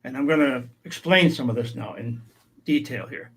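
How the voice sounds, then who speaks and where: A man's voice: medium pitch, moderate pace, a bit bright. A man teaching a language lesson, saying each word and then its meaning, with light humor. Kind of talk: slow explanatory language lesson.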